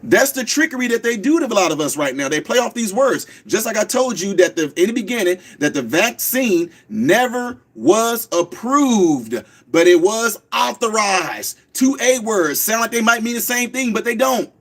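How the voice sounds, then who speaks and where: Fast-talking, high-voiced man radio host. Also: lively intonation. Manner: preachy, emphatic, repeats words slowly for stress. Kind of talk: fast call-in radio talk, streamed live.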